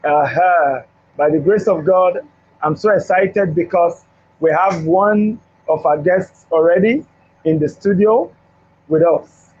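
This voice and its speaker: A man's voice: high-pitched, takes it slowly, darkish tone, breathy edge. A male host giving a motivational talk with a Bible story, preacherly and repeating phrases for emphasis, in a studio. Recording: dull lo-fi recording.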